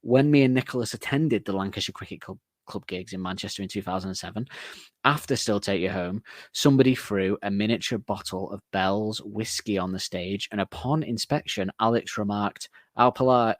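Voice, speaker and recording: Low-voiced, chatty male podcast co-host. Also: fairly quick, no room sound. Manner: chatty and rambling, laughs often. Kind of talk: casual music podcast chat.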